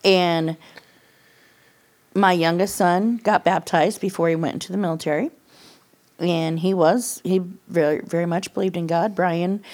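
A woman's voice: fairly low pitch, steady tone, a little slow, pauses often, darkish tone. A middle-aged woman as a podcast guest, telling her personal testimony in a candid, casual way, laughing often and acting out what people said. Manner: candid storyteller, laughs often, acts out quoted lines.

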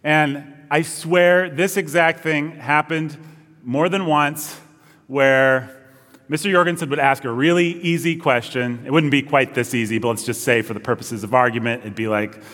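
Young pastor preaching in a reverberant hall. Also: male voice, sits high, unhurried, a bit bright. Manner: conversational, storytelling, self-deprecating asides. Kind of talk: sermon with opening prayer. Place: church.

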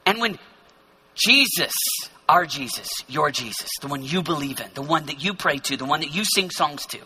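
A man who is a pastor, preaching an emphatic, repetitive sermon that swings from loud to hushed. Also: on the high side, lively intonation, moderate pace, breathy edge.

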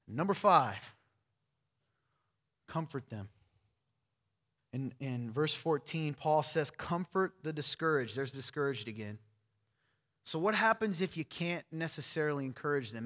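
A man's voice: a little high, a bit bright. A man preaching a sermon to a church crowd, talking in a direct, pointed, conversational way. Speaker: pastor.

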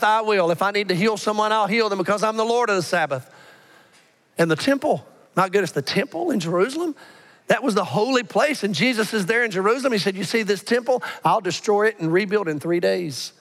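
High-voiced preacher. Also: male voice, fast talker, in a large hall. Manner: storytelling, animated preaching. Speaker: pastor. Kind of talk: sermon.

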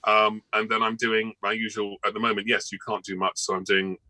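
A male actor speaks as a guest in a casual interview, rambling on with ums and restarts. His voice sits fairly low but sounds bright and forceful. It is recorded dry and close. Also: flat delivery, fairly quick, no room sound, rough recording.

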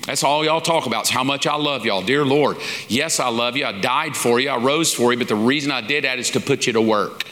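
A preacher voicing a blunt, fed-up God. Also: male voice, mid-range voice, brisk, hardly any pauses, pushed and bright, lightly acted. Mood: exasperated. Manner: blunt and colloquial. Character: God as a blunt, fed-up, plain-talking boss. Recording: long reverb of a large hall.

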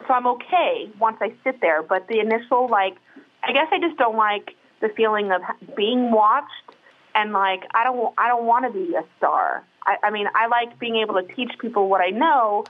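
A woman's voice: mid-range voice, narrow, tinny audio. A middle-aged woman, a guest on a podcast, talking candidly in a casual chat with plenty of fillers and restarts. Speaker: interview guest, brow artist.

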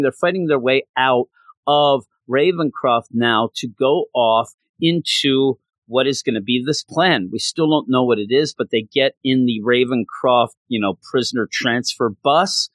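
An excited man recaps a comic book in a casual, chatty way. His voice sits at a middle pitch, and the sound is dry and close. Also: no room sound. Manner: excited, chatty, acts out lines.

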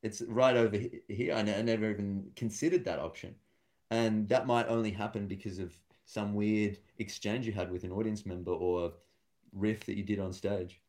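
A man's voice: lowish voice, fairly even intonation, normal speed, darkish tone. A man, a stand-up comedian and guest, talking casually and thoughtfully in an interview, with many fillers and restarts.

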